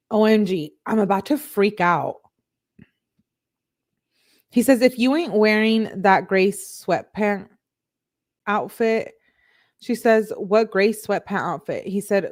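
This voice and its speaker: A young woman reads text messages aloud in a casual commentary style, breaking off with incredulous asides. Her pitch sits in an ordinary middle range for a woman. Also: darkish tone. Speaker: true crime commentator.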